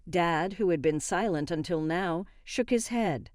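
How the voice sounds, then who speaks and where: A woman reading a first-person story in an even, steady narration. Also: lowish voice, unhurried, hardly any pauses, dry recording, studio quality.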